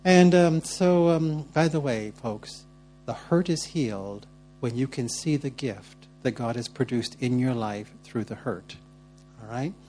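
Animated male preacher telling stories. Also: medium pitch, a little slow, soft background music. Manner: animated, swinging between soft asides and loud outbursts; laughs often while telling stories. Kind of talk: sermon with personal storytelling.

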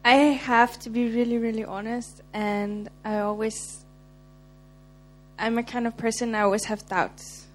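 A woman's voice: fairly high pitch, fairly even intonation, measured pace. A young woman, a Bible school student, speaking candidly and hesitantly, restarting her sentences. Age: young adult.

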